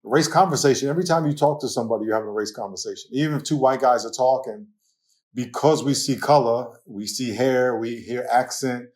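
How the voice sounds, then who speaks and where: A man with a New York accent, a pastor talking as a guest in a casual interview, telling lively stories and laughing often. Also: mid-range voice, fairly quick. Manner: animated storytelling, laughs often.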